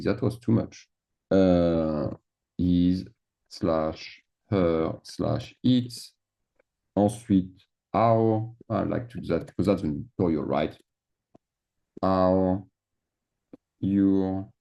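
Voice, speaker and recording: A man talks through a grammar lesson, slipping words into his English and asking "d'accord?" as he goes. His voice is low and mellow, and he moves along at an unhurried pace while he explains each form. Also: highs cut off. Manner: mixes French into English, checks in with "d'accord?". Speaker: French teacher. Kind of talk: screen-share grammar lesson.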